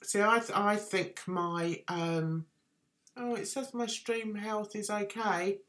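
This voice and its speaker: A woman's voice: mid-range voice, fairly even intonation, takes it slowly, fairly bright tone. A woman hosting a casual live stream, rambling and self-deprecating as she chats with viewers. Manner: chatty, rambling, self-deprecating, reads chat aloud. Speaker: livestream host.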